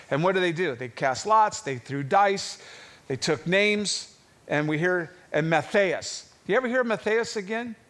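Male Bible teacher, conversational sermon delivery, lightly raised pitch, animated when quoting. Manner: conversational, rising to animated voices for quoted figures.

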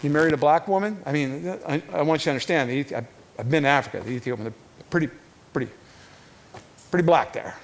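Man, middle-aged, preacher, sermon, animated storytelling, repeated words, fairly high voice. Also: quick pace, long pauses, slight background noise.

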